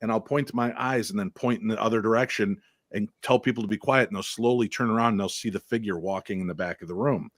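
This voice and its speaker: A man's voice: fairly low pitch, fast, no room sound, studio quality. A man, a paranormal investigator, telling stories in casual chat and acting out the voices of people he quotes. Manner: animated storyteller, acts out quoted voices.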